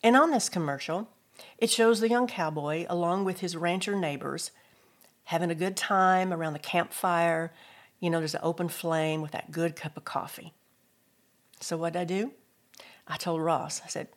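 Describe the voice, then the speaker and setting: Lowish-voiced middle-aged woman teaching a devotional talk, storytelling, gets louder on the bible quotes. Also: normal speed. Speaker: Christian speaker.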